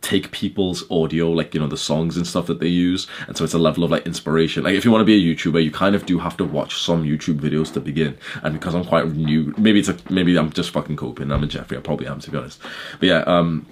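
A man's voice: very deep voice, steady tone, fast talker, slight background noise. A young man casually telling a story in his vlog, rambling with lots of "like" and swearing. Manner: rambling, peppered with "like", swearing, laughing. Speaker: YouTuber.

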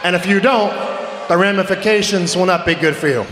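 A man's voice: sits high, fairly quick. A man cutting a wrestling promo in a large arena, bossy and mocking, often cutting the other person off. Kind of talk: live in-ring wrestling promo. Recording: echoey arena with loud crowd. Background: live crowd noise.

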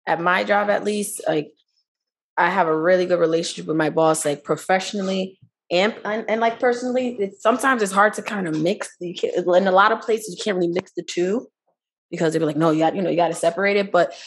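A woman's voice: fairly low pitch, brisk, husky. A young woman co-hosting a podcast in casual chat, talkative, laughing often and acting out what others said. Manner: chatty, laughs often, acts out quotes. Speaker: podcast co-host.

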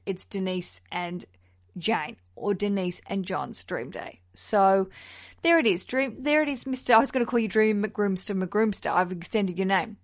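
A woman hosting a podcast, chatting casually about her topic. She sounds frank and expressive and swears now and then. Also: mid-range voice, normal speed. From Australia. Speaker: podcast host. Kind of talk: casual chat.

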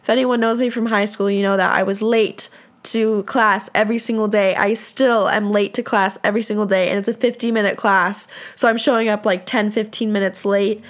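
A young woman from San Diego, California, telling a story on her podcast in an animated, profane, self-deprecating way. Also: mid-range voice, a little fast. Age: young adult. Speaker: podcast host. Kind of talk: casual storytelling monologue.

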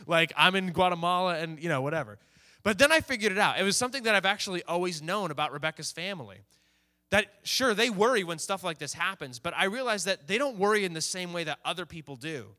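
Young guy pastor, kinda high bright voice, chatty animated sermon. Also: fast. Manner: casual, animated storytelling, acts out quotes. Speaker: youth pastor.

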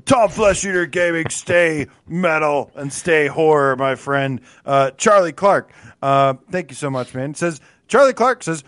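A man's voice: fairly high pitch, expressive, unhurried, a bit bright, clean tone, no echo, clean studio sound. A man co-hosting a gaming stream, reading viewer comments aloud in a playful, bantering way and laughing often. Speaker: co-host.

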